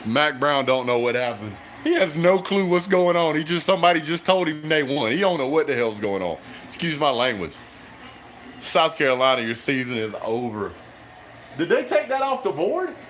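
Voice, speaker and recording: A man's voice: mid-range voice, expressive, moderate pace, fairly bright tone, slight background noise. A man hosting a live football reaction stream, chatting with viewers and hollering at the plays.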